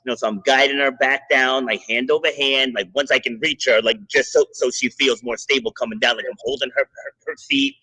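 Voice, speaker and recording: Forceful husky-voiced male podcast host. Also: mid-range voice, brisk, few pauses, low-quality recording. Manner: animated anecdote with chuckles. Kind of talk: casual storytelling.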